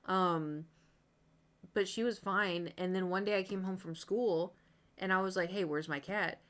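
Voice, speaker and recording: A woman's voice: medium pitch, fairly even intonation, measured pace, fairly bright tone. A young woman streamer from the United States chatting casually, telling a long rambling story with many asides to her chat.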